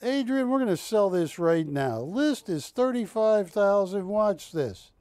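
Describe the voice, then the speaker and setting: A man with a high-pitched voice speaks at a measured pace, with no echo. He hosts a live shopping broadcast selling art, joking and chatting in an animated way and teasing his co-hosts as he delivers the sales pitch.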